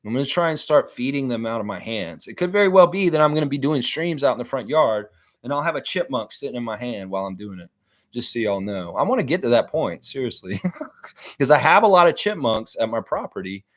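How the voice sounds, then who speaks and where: A man's voice: mid-range voice, expressive, fairly quick. A man hosting a live stream, chatting casually and reading viewer comments aloud between rambling thoughts. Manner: rambling, reads chat aloud, laughs often.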